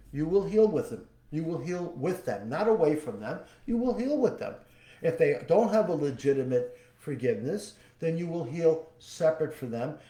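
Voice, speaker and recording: Male spiritual podcast host, folksy storyteller, mellow and slightly high voice, echoey room. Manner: folksy storyteller, repeats key phrases. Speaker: podcast host and psychic medium. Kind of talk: spiritual teaching talk.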